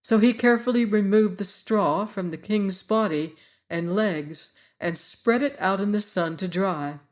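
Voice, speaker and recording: A man narrating an audiobook in a measured, even storytelling manner. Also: high-pitched. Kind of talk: scripted narration.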